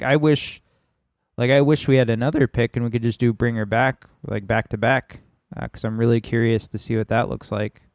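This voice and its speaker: A man's voice: medium pitch, a little mellow, clear, resonant tone, dry recording, clean studio sound. Wry, opinionated man on a podcast. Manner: opinionated, wry, swearing casually. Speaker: podcast co-host. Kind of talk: casual chat.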